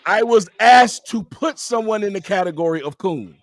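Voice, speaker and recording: A man arguing emphatically on a live-stream panel, sometimes rising to a shout. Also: sits high, animated, moderate pace, no room sound. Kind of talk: heated live-stream debate.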